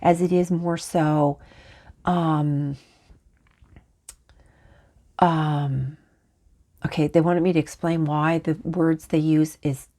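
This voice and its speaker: Lower-voiced woman, rambling channeler. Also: flat delivery, dark tone. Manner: halting, rambling, talks back to unseen spirits. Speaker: spiritual channeler. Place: lives in Canada.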